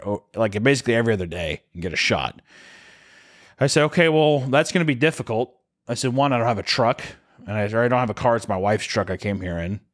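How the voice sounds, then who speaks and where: A young man co-hosting a podcast, telling a story in a casual, profane, comedic way and acting out the voices of the people in it. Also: lowish voice. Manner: animated, profane, acts out quotes with screams. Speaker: podcast co-host.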